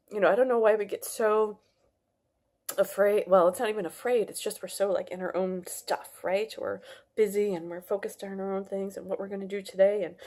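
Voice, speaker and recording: A woman's voice: medium pitch, mellow. A woman talking earnestly to camera in a casual, rambling monologue, full of restarts and fillers, as a wellness vlogger.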